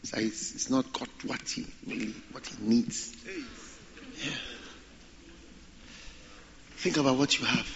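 A man preaching a sermon, animated and repeating phrases for emphasis. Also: mid-range voice, measured pace, pauses often, dull audio, slight background noise.

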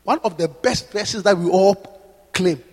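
A man preaching a sermon, emphatic, pausing for his interpreter and repeating questions to the congregation. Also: high-pitched, breathy edge. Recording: echoey hall.

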